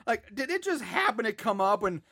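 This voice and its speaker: A mid-pitched, animated voice that walks through a film's plot step by step, poking fun at its holes along the way. Laughter keeps breaking into the retelling. It is recorded close and dry. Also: fairly quick, no room sound. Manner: storytelling, sarcastic, laughs often. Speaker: podcast host. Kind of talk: casual movie recap narration.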